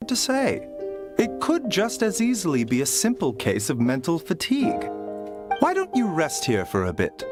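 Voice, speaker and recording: A calm game doctor. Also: male voice, fairly high pitch. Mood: reassuring. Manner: calm, measured. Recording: game audio with music underneath.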